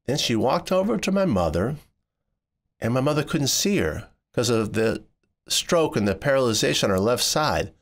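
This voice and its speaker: A man narrating a personal story in the first person, voicing it expressively and jumping higher when he quotes people. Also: normal speed. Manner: expressive, jumps high when quoting people.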